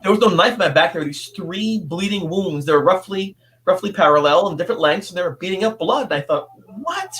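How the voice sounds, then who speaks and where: Guy in his 50s with a high voice, earnest and halting, keeps restarting sentences as he tells his story. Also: a bit bright. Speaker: guest. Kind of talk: emotional personal storytelling.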